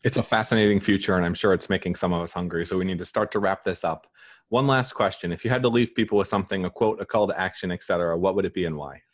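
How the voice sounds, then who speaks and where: A man with a very low voice hosts the interview and puts his questions quickly. His manner is brisk and upbeat as he moves the conversation along. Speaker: interview host.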